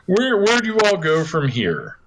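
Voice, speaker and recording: A man narrating a tabletop game as its game master, his voice slightly high and swooping up and down as he talks. He is chatty, laughs often and trails off into repeated words, and the call recording carries a clear hiss of noise. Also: huge pitch swings, normal speed. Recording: noisy online call recording.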